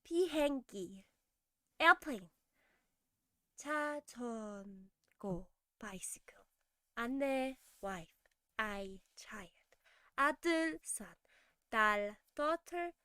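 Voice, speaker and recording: A high, smooth-voiced young woman chats through a live stream as she learns new words. She sounds tired and rambling, laughs a lot, and often drops her voice to a near-mumble. The sound is dry and close to the mic. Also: animated, unhurried, long pauses, sharp tone, dry recording. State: tired, sleepy. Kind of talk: casual live-stream chat.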